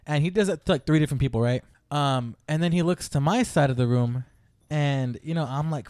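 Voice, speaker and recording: A man casually telling a story on a podcast, animated and profane, laughing often. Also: a little high, fairly quick, no echo, studio quality.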